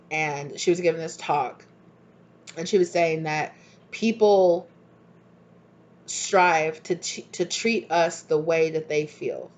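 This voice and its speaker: Animated, blunt woman giving a tarot reading. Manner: animated, acts out both sides of arguments in sudden high voices; blunt and swears freely. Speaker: tarot reader. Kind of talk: casual spoken tarot reading. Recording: dull lo-fi recording.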